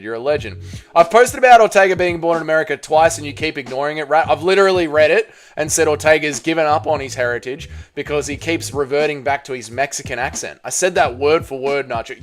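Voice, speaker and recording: A man hosting a casual livestream, reading chat aloud, swearing often and excitedly thanking donors. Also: on the high side. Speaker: livestream host.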